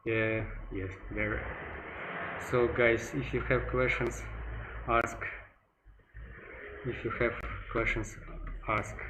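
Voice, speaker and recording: A man with a Russian accent, a native Russian speaker, giving live working-stream commentary as a sculpting instructor in halting, broken English while thinking aloud. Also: mid-range voice, level tone. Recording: background noise with ticking clock.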